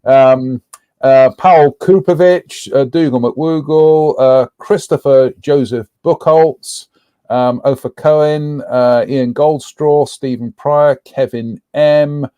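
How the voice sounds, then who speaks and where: A man's voice: mid-range voice, steady tone, takes it slowly, dark tone, smooth, no echo. A man co-hosting a casual live stream, rambling along with frequent ums as he reads out viewers' names.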